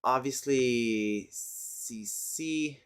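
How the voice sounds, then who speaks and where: A man's voice: medium pitch, extremely slow, a little hiss or hum. A man thinking aloud in fragments while chatting casually as a streamer. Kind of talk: casual chat while working on a language.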